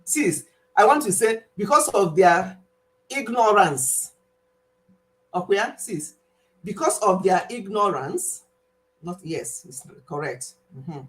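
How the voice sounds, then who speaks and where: A Nigerian woman whose first language is Igbo hosts a casual health channel live stream, speaking slowly at medium pitch with frequent pauses and a Nigerian accent. She tells stories animatedly, laughs often, and mixes in Igbo words; the audio is poor.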